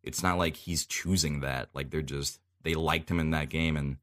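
Man, very deep voice, casual podcast chat, relaxed and rambling. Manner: laid-back, explains at length with many pauses. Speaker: voice actor guest.

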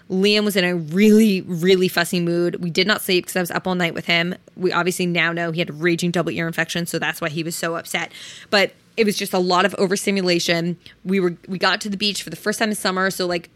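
A woman's voice: fairly low pitch, a bit bright, dry recording. A young woman hosting a solo podcast, talking frankly and reflectively about her own feelings, swearing casually as she goes. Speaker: podcast host. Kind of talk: solo podcast, candid personal talk.

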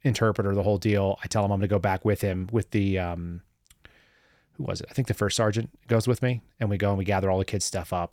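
A man's voice: on the low side, fairly even intonation, quick pace, darkish tone, no echo, clean studio sound. A man, a former government analyst, telling a story as a guest in a casual interview, rambling and wry with lots of fillers.

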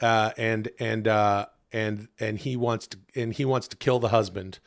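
A man co-hosting a podcast in casual chat, excitable and rambling, with many fillers and frequent swearing. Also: lowish voice, measured pace, gravelly. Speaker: podcast co-host.

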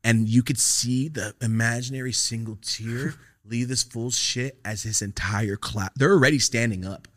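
A man hosting a podcast, telling a comic story casually with lots of swearing and animated energy. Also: mid-range voice, moderate pace, hardly any pauses, no echo, studio quality. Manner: animated, profane, acts out quoted lines. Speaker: podcast host.

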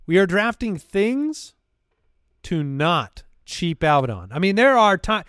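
A man's voice: high voice, very animated, takes it slowly, fairly bright tone, no echo, studio quality. A man hosting a podcast in casual, jokey chat, laughing often. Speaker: podcast host.

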